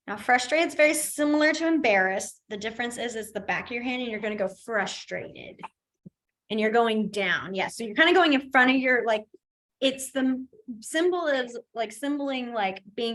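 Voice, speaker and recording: A woman's voice: on the high side, a bit bright. A woman teaching a beginners' class in a casual, chatty way, explaining with everyday examples and laughing easily. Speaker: sign language instructor.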